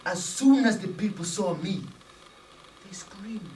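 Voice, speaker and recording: A woman telling a dramatic story in spoken-word style, with rhythmic, repetitive phrasing and loud outbursts. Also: mid-range voice, animated, takes it slowly, pauses often, slight background noise. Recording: roomy, distant, faint ambience.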